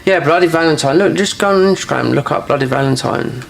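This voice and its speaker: Male gaming streamer, South London accent, gravelly, rambling and chatty. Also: on the high side, fast. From London, England. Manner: rambling, gossipy, full of restarts and "you know". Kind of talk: casual chat while playing a game.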